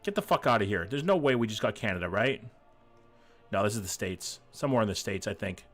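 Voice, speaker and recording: A man's voice: fairly low pitch, expressive, a little fast, fairly bright tone, soft background music. A man streaming a geography game, chatting casually and reading chat aloud, swearing freely, a little sick. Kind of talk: casual live-stream chat while gaming.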